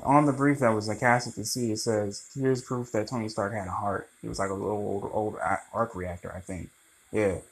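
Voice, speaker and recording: A man rambling through a casual, animated movie review, swearing freely. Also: lowish voice, rough recording.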